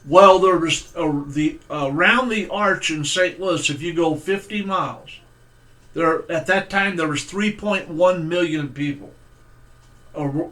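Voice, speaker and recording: A middle-aged man with a notably high voice delivers a sermon as an unhurried personal story. He talks in a folksy, conversational way, stopping on fillers before driving home his point. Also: a bit bright. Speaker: preacher.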